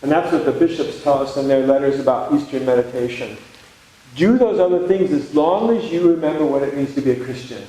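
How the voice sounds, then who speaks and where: Warm in tone and medium in pitch, a monk's voice carries a conversational, reflective retreat talk with touches of humor. The very echoey room has faint background noise.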